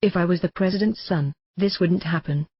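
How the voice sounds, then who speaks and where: A brash man narrates his own memoir in a mocking, combative rant. His voice is husky and the sound is bone-dry. The recording is a little dull and muffled. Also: high-pitched, brisk, dry recording. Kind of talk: audiobook narration in a ranting radio voice.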